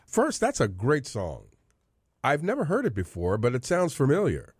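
A man hosting a faith music radio show, interviewing a guest in an upbeat, lively way. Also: medium pitch, normal speed, breathy edge, dry recording, clean studio sound. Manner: upbeat, lively questioning with laughs. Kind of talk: interview chat.

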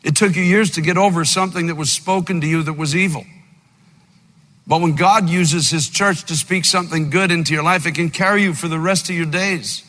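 An older man preaching an impassioned sermon, moving between loud fervent outbursts and low, quiet storytelling. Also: steady tone, fairly quick. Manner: fervent preaching, by turns shouting and dropping low, with storytelling asides. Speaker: pastor. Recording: long reverb of a big hall, faint music.

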